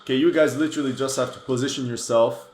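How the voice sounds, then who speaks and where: A man's voice: mid-range voice, steady tone, fast talker, darkish tone. A man hosting a history channel, giving movie reaction commentary with critical, exasperated outbursts. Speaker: history channel host reacting to a war film. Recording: roomy echo.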